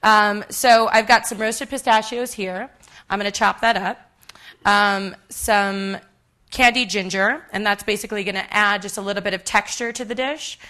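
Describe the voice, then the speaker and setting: A woman's voice: mid-range voice, steady tone, normal speed, sharp tone. A woman in her thirties giving a live cooking demonstration on a conference stage, chatty and self-deprecating with many ums. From United States.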